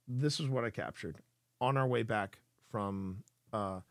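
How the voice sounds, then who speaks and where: A man's voice: fairly low pitch, measured pace, dry recording, studio quality. A man hosting a live stream, explaining things earnestly to his chat in a casual, talkative way.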